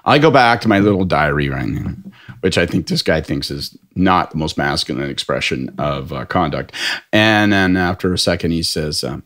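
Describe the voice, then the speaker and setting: A man from Canada, a political commentator telling a profane, animated story on a podcast panel. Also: low-pitched, moderate pace. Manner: animated, profane storytelling with lots of put-on voices. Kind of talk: casual anecdote on a podcast panel.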